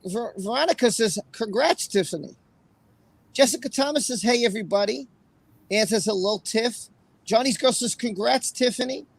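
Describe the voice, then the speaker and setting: A male livestream host with a very high, fry-tinged voice chats casually, sounding emotional and apologetic as he reads out viewers' comments by name. There is no echo, but the recording quality is low.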